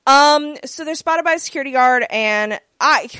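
A woman's voice: sits high, normal speed, sharp tone, no room sound. Chatty woman with a dry close sound. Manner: rambling, lots of fillers and laughs. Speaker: podcast co-host recapping a TV episode. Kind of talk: casual chat.

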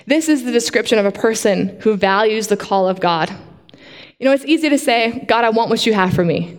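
A woman preaching a sermon to a congregation in a lively way, often asking them questions. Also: medium pitch, brisk, long reverb tail. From not from Australia.

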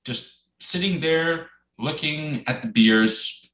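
A man's voice: fairly high pitch, takes it slowly, a bit bright, reverberant. A man co-hosting a casual podcast, telling a story with lots of restarts and acted-out quotes. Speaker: podcast co-host.

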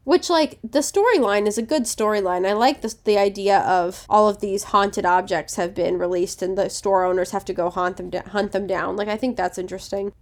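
A young woman co-hosts a casual podcast chat. She states her opinions frankly and with confidence, at an even, mid-range pitch. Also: normal speed, few pauses. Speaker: podcast co-host.

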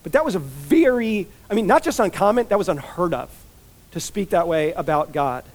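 A man's voice: sits high, very animated, normal speed. A man giving a conversational expository sermon as a pastor, chatty and informal, full of "like" and "you know" asides.

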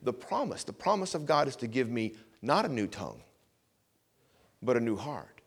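A man preaching a sermon, repeating phrases for emphasis and swinging between loud emphatic lines and quiet asides. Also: medium pitch, very animated, normal speed, breathy edge. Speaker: pastor.

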